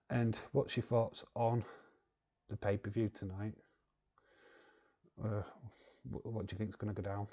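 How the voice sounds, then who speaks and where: A man's voice: fairly low pitch, dark tone. A man with a London accent, casually chatting on his home live stream and greeting viewers in the chat, with frequent laughs and hummed fillers. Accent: London English. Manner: chatty, laughs often, fills pauses with humming. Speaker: wrestling live-stream host. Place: living room at home, lit by a video light. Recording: dull lo-fi stream audio.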